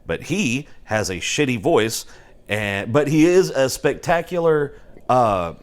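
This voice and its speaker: A man's voice: medium pitch, animated, slow pace. A man co-hosting a casual podcast chat, blunt, sarcastic and profane. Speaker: podcast co-host.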